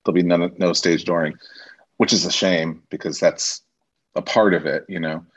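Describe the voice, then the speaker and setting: Low husky man telling stories. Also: normal speed. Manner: animated anecdotes, acts out quoted voices. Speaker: guest, stage actor and teacher. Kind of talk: casual interview storytelling.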